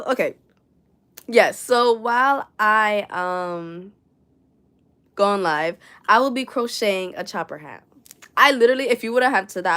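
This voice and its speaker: Young woman with a New York accent, a rambling, swearing livestream host, pitched a bit high. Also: fairly bright tone. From New York City. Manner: chatty and rambling, swears, reads viewer comments aloud. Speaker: crochet livestreamer. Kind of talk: casual livestream chat. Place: her room at home.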